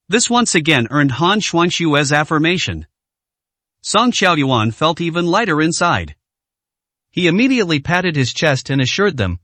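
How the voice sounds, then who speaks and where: Man, storyteller, reads all the parts in one voice, animated pitch, dry close mic. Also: measured pace, no echo. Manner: reads every character in one steady voice. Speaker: narrator. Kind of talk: scripted story narration.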